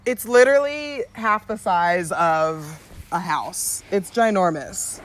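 A woman's voice: on the low side, takes it slowly. A young woman from Southern California co-hosting a podcast, chatting casually outdoors in a backyard with lots of fillers and laughter. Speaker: podcast co-host. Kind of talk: casual chat.

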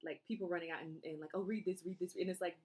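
A woman's voice: fairly low pitch, rapid-fire. A woman, co-hosting a casual podcast chat and acting out quotes as she tells stories. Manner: animated storyteller, acts out quotes. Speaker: podcast co-host.

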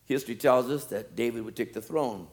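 A man preaching a sermon, acting out scripture scenes and then dropping to quiet, wry asides. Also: fairly quick. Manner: dramatic, swings from loud acted-out pleading to low asides.

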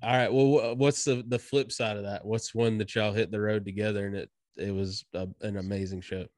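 Low-voiced man hosting. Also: fairly even intonation, fairly quick, a little mellow, no echo, clean studio sound. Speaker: podcast host. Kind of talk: casual chat.

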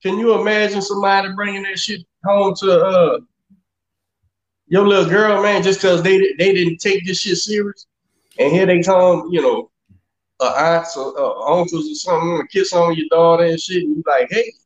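A man's voice: sits high, fairly even intonation, normal speed. A man co-hosting a podcast in casual chat, profane and laid-back, saying bro and man a lot. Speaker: podcast co-host. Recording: echoey, dull lo-fi sound.

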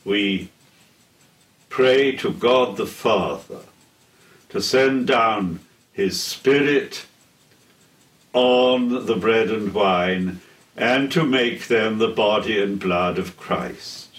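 An older man giving a theology lecture in a deliberate, solemn way, pausing between phrases. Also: fairly low pitch. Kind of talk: slow measured theology lecture. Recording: echoey room, heard from a distance.

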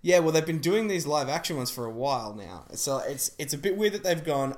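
A man's voice: fairly high pitch, expressive, brisk, hardly any pauses, a little mellow. A man chatting casually about film trailers, rambling with lots of fillers and restarts.

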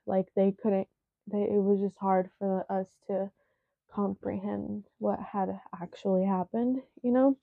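A young woman telling viewers a painful personal story, halting and full of fillers, often dropping almost to a whisper. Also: medium pitch, level tone, vocal fry, no room sound. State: shaken, emotional. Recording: dry, phone-like narrow sound.

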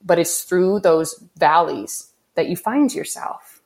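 A woman's voice: fairly low pitch, expressive, takes it slowly, a little mellow. A woman guest on a spiritual podcast, explaining her ideas in an earnest teaching tone and often checking in with "okay" and "right?". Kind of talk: conversational podcast interview.

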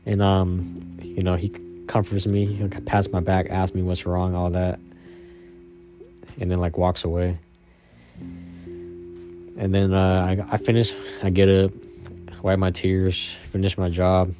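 A young man casually telling a personal story, halting and slangy, with lots of fillers. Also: deep voice, level tone, a little mellow, soft background music.

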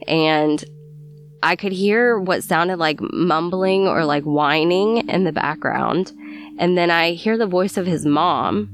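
A young woman recounting a painful memory as an interview guest, halting and sighing, stumbling over her words. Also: deep voice. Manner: halting, stammers and sighs while recalling. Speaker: guest telling her story. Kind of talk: emotional first-person account.

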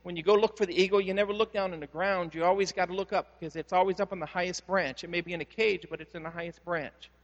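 A man preaching a sermon as pastor, telling stories in a conversational way with frequent restarts, then building to slow, emphatic declarations. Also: high voice, steady tone, muffled recording. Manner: conversational storytelling with repeated word restarts. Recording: long hall reverb.

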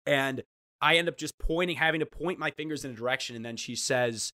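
A man telling a funny story in casual chat, animated and acting out the voices he quotes. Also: medium pitch, fairly quick. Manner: animated, acts out quoted voices, restarts often. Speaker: guest storyteller.

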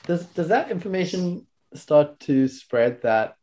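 A man's voice: on the high side, expressive, takes it slowly, few pauses, a little mellow. Man asking rambling, thoughtful questions. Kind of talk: casual interview conversation.

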